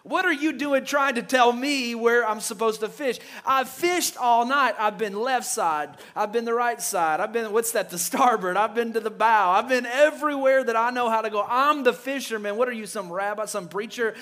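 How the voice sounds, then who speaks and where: A man acting out a proud, hotheaded fisherman who rants indignantly, his voice higher and louder than his usual. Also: little pitch movement, fairly quick, few pauses. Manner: loud, indignant ranting.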